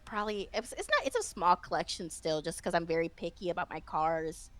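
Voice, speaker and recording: A woman chatting as an interview guest, excitable and rambling, with frequent laughs and restarts. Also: lowish voice, brisk, poor audio. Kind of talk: casual chat.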